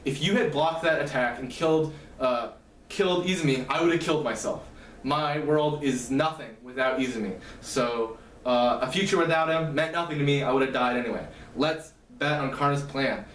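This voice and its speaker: A man reading the lines of a gentle, dying young woman in a soft, hushed way while retelling a novel. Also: mid-range voice, normal speed, echoey room, recorded from a distance, a little hiss or hum, natural voice. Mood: tender.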